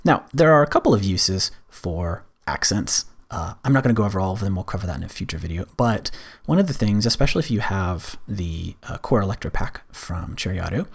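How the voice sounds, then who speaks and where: Fairly quick and low, with a creaky, husky voice, a man explains music software step by step in a screen-recorded tutorial. The tone is relaxed and fillers come often.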